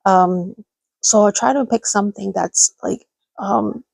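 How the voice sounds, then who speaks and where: A woman's voice: medium pitch, a little slow, gravelly, a little mellow, breathy edge, no room sound, low-quality recording. A woman hosting a casual livestream chat, rambling and laughing often as she reads out viewers' messages. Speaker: livestream host.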